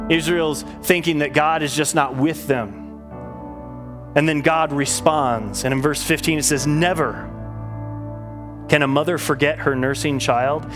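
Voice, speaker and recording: A man preaching a sermon, fervent and stumbling over repeated words when he gets excited. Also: fairly high pitch. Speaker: pastor. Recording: music playing behind the voice.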